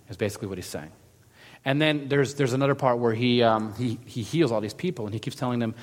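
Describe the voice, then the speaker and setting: A man preaching a sermon in a casual, animated storytelling manner, acting out quotes as he goes. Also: mid-range voice, fast, big-room sound. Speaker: pastor.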